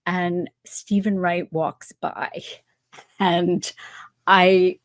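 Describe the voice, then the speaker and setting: A woman in her sixties from New York, telling dry, absurd stories in a slow, soft way. Her voice sits a little low for a woman. The sound is close and dry, with no room around it. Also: flat delivery, no room sound. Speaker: stand-up comedian guest. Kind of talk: casual podcast chat.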